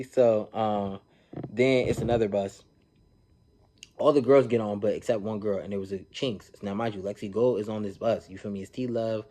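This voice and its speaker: A man recapping a reality TV episode in a casual, animated, slang-filled way, often checking in with "you feel me". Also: lowish voice, measured pace, pauses often, a little hiss or hum.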